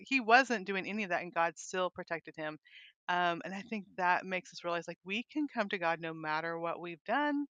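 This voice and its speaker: A woman with a bright, crisp voice chimes in eagerly, often speeding up as she talks. The sound is dry and a little dull, as if recorded close on a modest mic. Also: fairly low pitch, expressive, dry recording. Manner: eager, quick bursts, frequent laughs. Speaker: podcast co-host. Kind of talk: casual devotional chat.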